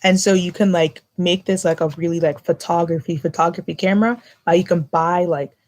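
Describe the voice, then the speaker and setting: Young woman vlogger, casual live chat, low-ish pitch, chatty and full of fillers. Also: steady tone, fairly quick, darkish tone, a little hiss or hum. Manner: chatty, filler-heavy with lots of "like".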